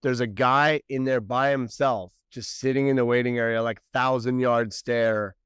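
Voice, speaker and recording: A male comedian and podcast co-host telling a story in casual chat, animated and laughing as he acts out the dialogue. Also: medium pitch, moderate pace, clean tone, no room sound, clean studio sound.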